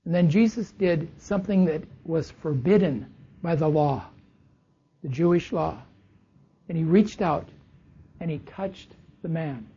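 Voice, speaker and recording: A preacher giving a sermon, teaching slowly and deliberately and lingering on key words. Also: medium pitch, dark tone, breathy edge. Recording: dull lo-fi recording.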